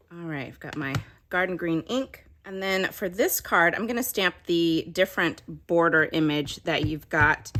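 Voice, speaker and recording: A woman's voice: lowish voice, bright, forceful tone. A woman giving a casual craft tutorial, chatting and explaining each step as she works. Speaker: craft demonstrator.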